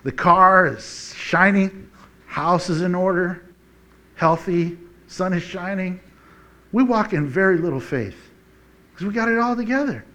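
A man with a notably high voice delivers a casual, conversational sermon. He talks in a folksy, animated way and often chuckles between points. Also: a little slow, pauses often. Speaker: preacher.

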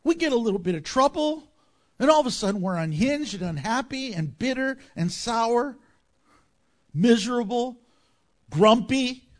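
A man preaching a sermon as pastor, swinging between loud emphatic lines and hushed ones. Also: extremely high pitch, animated, measured pace.

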